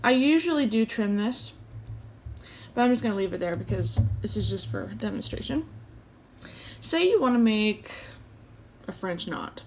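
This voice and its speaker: Calm woman explaining a craft tutorial. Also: medium pitch, normal speed, pauses often, slight background noise. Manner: calm, step-by-step explaining while stitching. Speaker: embroidery channel host.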